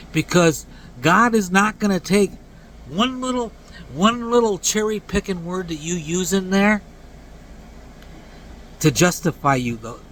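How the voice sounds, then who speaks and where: A man in his late forties delivering a blunt, earnest rant to camera, dropping to low mumbled tags at the ends of lines. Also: a bit bright, slight background noise, low-quality recording. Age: 40s. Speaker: vlogger. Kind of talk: casual preachy rant to camera.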